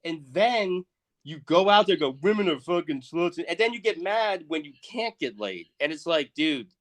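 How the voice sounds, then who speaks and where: Profane ranting man, a bit high. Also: very animated, normal speed. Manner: profane, ranting, swings loud and soft. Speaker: podcast co-host. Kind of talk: crude comedic rant.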